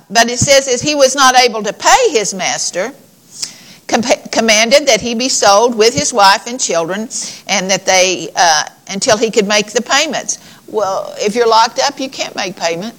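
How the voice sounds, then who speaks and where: A woman's voice: medium pitch, a bit bright, low-quality recording. Folksy woman preaching. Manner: conversational, folksy preaching with scripture reading. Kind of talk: sermon.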